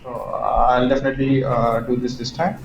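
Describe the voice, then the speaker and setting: A man's voice: medium pitch, level tone, fairly quick. Hesitant man on an echoey call. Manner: hesitant, many "uh"s and restarts, apologetic. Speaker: interviewee seeking advice. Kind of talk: casual chat. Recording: echoey dull call audio with faint hiss.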